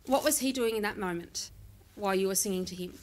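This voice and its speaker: A woman's voice: mid-range voice, fast. A woman interviewer asking short, direct questions.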